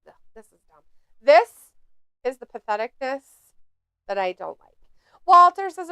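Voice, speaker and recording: A woman's voice: high voice, sing-song, moderate pace, long pauses, sharp tone, no echo. Snarky woman hosting a watch-along. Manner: snarky, sarcastic, reads chat aloud. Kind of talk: casual live stream chat.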